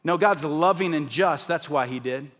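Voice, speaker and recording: At a normal speed, a man preaches an emphatic evangelistic sermon that swings between forceful peaks and low passages. Now and then he imitates the voices of skeptics.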